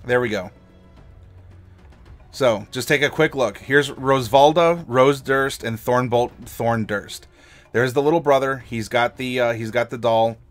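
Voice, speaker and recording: A man's voice: mid-range voice, unhurried, faint music behind. An American man, a game master and streamer, giving tabletop storytelling advice in an enthusiastic, demonstrative way. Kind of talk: livestream advice chat.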